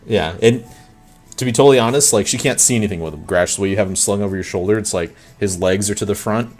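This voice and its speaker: A man with a fairly low voice narrates a tabletop game as game master. He pauses often, with ums and restarts, while he sets the scene. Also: a little mellow, faint music behind. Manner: halting, full of ums and restarts.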